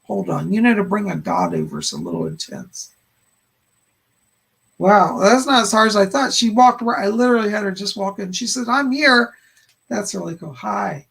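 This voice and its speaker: Male psychic medium host, gravelly, husky, relays messages with constant "she said" asides. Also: high-pitched, sing-song, moderate pace, a bit bright. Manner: relays spirit messages, frequent "he said" and "hold on". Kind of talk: live-stream psychic readings of chat questions.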